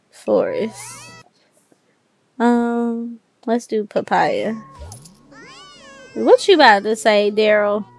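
Woman, sassy let's play commentary, fairly high voice, gravelly edge. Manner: sassy, talks back to the game characters; swears casually, informal slang. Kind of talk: casual gameplay commentary.

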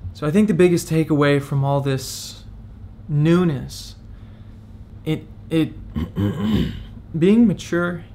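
A man's voice: on the high side, vocal fry, a little mellow, slight background noise. A young man in his twenties opening up in a confessional vlog, candid and reflective, talking as if close to tears. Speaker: vlogger.

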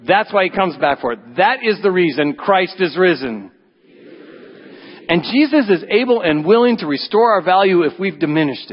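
A man's voice: a little high, dull audio. Man preaching in a reverberant church. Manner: emphatic preaching, swings between loud rises and quiet drops. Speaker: pastor. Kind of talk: Easter sermon. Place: church sanctuary.

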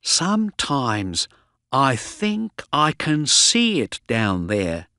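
Guy doing a cranky shouty scientist dude, pitched up, dead dry audiobook sound. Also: huge pitch swings, extremely slow, no echo, exaggerated voice. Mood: wary. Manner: shouting, exasperated. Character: gruff angry male scientist, short-tempered.

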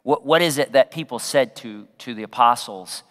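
A man preaching a sermon as pastor, talking conversationally to the congregation, throwing in asides and acting out quotes, sometimes dropping to a soft hush. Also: mid-range voice, normal speed, big-room sound. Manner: drops to a soft, hushed voice for quoted prayerful words.

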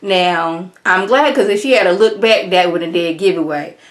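A woman casually recapping a TV episode in colloquial, animated speech. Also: on the low side, moderate pace. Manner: animated, colloquial, acts out characters' lines. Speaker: TV show reviewer.

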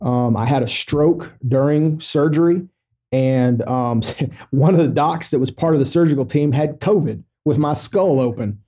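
In a podcast studio, a middle-aged military veteran shares a personal story during an interview, cracking matter-of-fact jokes about serious things. His male voice is a little high and mellow, and his speech is loose and halting, full of fillers.

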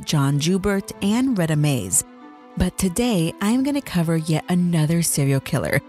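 Low-voiced woman narrating true crime. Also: a little mellow. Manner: dramatic storyteller with chatty asides. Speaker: true crime podcast host.

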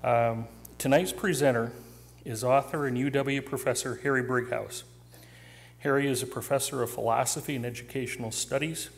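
Male event host, measured formal read of a speaker intro. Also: mid-range voice, steady tone, vocal fry, breathy edge. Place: theater stage.

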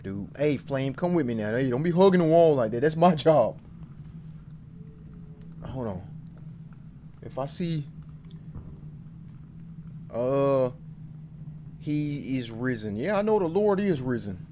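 A man streaming a horror game, jittery, talking back to it and insisting he is not scared, swinging between loud outbursts and low muttering. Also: slight background noise. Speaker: gaming streamer.

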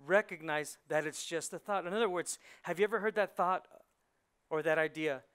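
In a church sanctuary, a male pastor with a voice that sits high for a man preaches an animated sermon at normal speed, his tone clear and resonant. He fires rhetorical questions at the congregation and acts out the thoughts in people's heads, swinging from hushed asides to loud, pushed lines.

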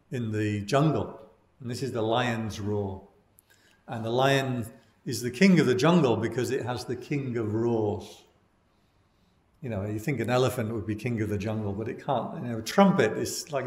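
A man teaching meditation as a Buddhist monk, giving a dhamma talk in a relaxed storytelling way with wry asides. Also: mid-range voice. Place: meditation class in a room. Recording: roomy echo.

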